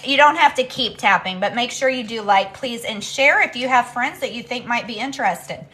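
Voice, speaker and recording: A woman speaks in a bright, forceful, fairly high voice at normal speed, with slight background noise. Walking between rooms at home during a live stream, she chats loosely with her viewers and says um often.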